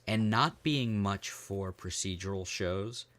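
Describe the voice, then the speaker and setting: A man's voice: fairly low pitch, takes it slowly, fairly bright tone. A middle-aged American man co-hosting a podcast, rambling and joking in casual chat, trailing off with ums as he hunts for words. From United States. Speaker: podcast co-host.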